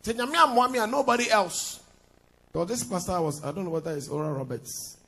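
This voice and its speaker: A man's voice: high voice, brisk, sharp tone, slightly rough. A man with a Ghanaian accent, a pastor preaching a sermon with sing-song lines and laughing asides, switching between English and Twi.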